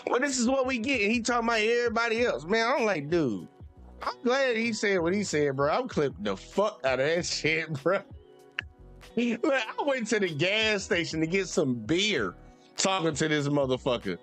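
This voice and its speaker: A man hosting a sports channel launches into a heated live-stream rant, profane, exasperated and repetitive. His voice is high and animated at a moderate pace, a bit bright, with faint music in the background.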